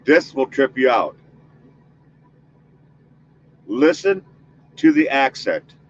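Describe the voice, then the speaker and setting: A man's voice: medium pitch, sing-song, a little slow, highs cut off, background noise. A man hosting a spirit-box session, chatting casually with his audience and leading a spoken protection prayer. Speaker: paranormal investigator host.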